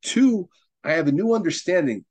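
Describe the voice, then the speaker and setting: A man's voice: high voice, expressive, moderate pace, a little mellow, slightly rough, no echo. A rabbi giving a Torah lesson to a study group, emphatic and repeating words as he builds each point, with Hebrew and Yiddish terms mixed into his teaching.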